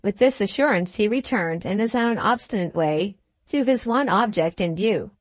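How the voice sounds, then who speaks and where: A woman's voice: medium pitch, lively intonation, moderate pace, few pauses, no room sound. Woman narrating a classic novel. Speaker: audiobook narrator.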